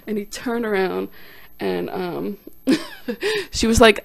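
A young woman tells a funny personal story on her vlog, slipping into quick quoted voices as she goes. Her voice has a gravelly edge of vocal fry, and the recording is close and dry with no room sound. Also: mid-range voice, no room sound. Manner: animated, self-deprecating storytelling with quoted voices. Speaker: vlogger and stand-up comic. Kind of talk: casual storytime.

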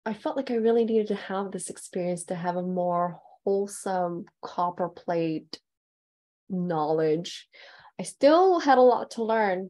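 A woman's voice: medium pitch, warm tone. A woman calligraphy teacher telling her story in a heartfelt, enthusiastic presentation over a video call.

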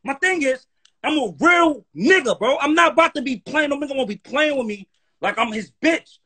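This guest on a live stream has a very high voice and normal speed. His rant is heated, profane, and animated, punctuated by frequent "you heard?" checks.

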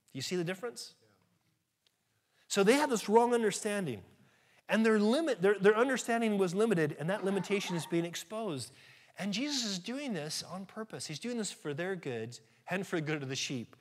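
A man's voice: sits high, lively intonation, brisk. A man preaching a sermon as pastor, earnest and emphatic, asking his listeners rhetorical questions.

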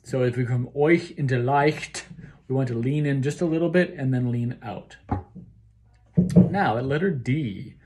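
A man leads a choral rehearsal video at an unhurried pace, talking through each phrase. His voice sits at an ordinary middle pitch. He breaks into sung lines to show the phrasing. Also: darkish tone, a little hiss or hum. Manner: explains phrasing, then sings the lines to demonstrate. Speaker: choir director. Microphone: solo recording for a rehearsal video.

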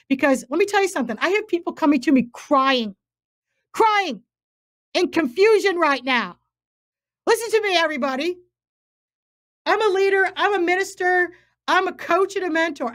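A woman's voice: high-pitched, fairly bright tone. A woman minister and faith coach preaching on a livestream, emphatic and urgent, repeating phrases for stress.

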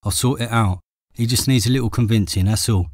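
A man voicing a rough, impatient young man who talks in an offhand way. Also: fairly low pitch, fairly quick, darkish tone, no echo, studio quality, close to an everyday voice.

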